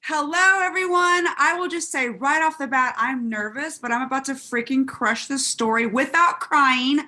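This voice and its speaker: Sassy animated woman. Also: high voice, moderate pace. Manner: sassy, animated, self-mocking. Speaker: guest sharing testimony. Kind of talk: lively call testimony.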